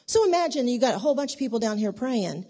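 A woman with a fairly high voice teaches a church group in a loose, conversational way, animated and full of stories. She acts out the dialogue as she goes. Her voice rings with the long reverb of a large hall. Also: fast.

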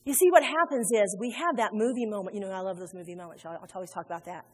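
Long hall reverb fills the recording of a woman from Indiana preaching in a church sanctuary. Her husky, medium-pitched voice moves at a quick pace as she speaks emphatically and acts out the voices of those she quotes.

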